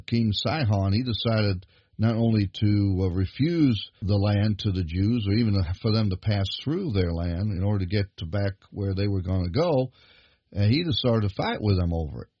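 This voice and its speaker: A low, husky-voiced man preaching a sermon, pressing his points with rising emphasis. The sound is dry and close, with a dull, lo-fi quality to the recording. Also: no room sound. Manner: emphatic preaching, building in pitch and force.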